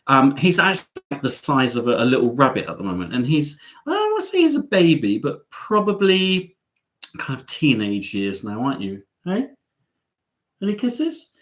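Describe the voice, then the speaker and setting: Man, live-stream host, camp and teasing, very lively pitch. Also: moderate pace. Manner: camp, playful, teasing the audience. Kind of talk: chatty live-stream monologue.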